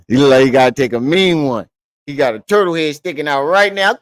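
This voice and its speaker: A man's voice: a little high, brisk, dry recording, studio quality. A man hosting a casual reaction commentary show, joking around and cursing. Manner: joking, profane, laughing.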